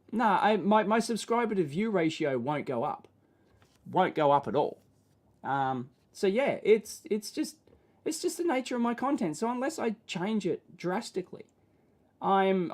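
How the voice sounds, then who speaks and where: Hosting a relaxed livestream, this Australian rambles in a self-deprecating way, frequently tacking "right?" onto sentences and clearing his throat. His voice is nasal and whiny, sitting high with a darkish tone.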